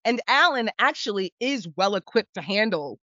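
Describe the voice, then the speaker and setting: A woman co-hosting a podcast, talking about film in a casual, animated and emphatic way, sometimes swearing. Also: medium pitch, normal speed, dry recording, muffled recording. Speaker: podcast co-host.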